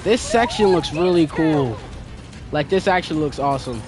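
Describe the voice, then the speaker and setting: A man's voice: a little high, lively intonation, normal speed, a little mellow. Chatty young man streaming a game. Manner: chatty, slangy, chatting with viewers. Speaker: gaming streamer. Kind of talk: casual gameplay commentary. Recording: game music playing behind.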